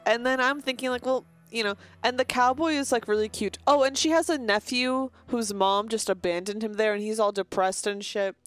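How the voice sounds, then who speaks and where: A woman's voice: a little high, brisk, hardly any pauses, no room sound, faint music behind. A woman live-streaming a game, chatting casually in a rambling way, swearing freely and breaking off to greet viewers. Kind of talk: casual live-stream chat while gaming.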